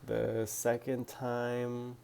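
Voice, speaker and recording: A man's voice: mid-range voice, monotone, extremely slow, vocal fry, mellow, smooth. A young man answering viewer questions to his phone camera, talking hesitantly with lots of fillers and restarts. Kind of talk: casual talk to camera.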